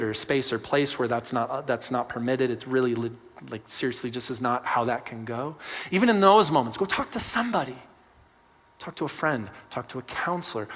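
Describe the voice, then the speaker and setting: A male pastor preaching a sermon, earnest and pastoral, swinging from passionate emphasis to soft, intimate moments. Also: mid-range voice. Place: church auditorium. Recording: long hall reverb.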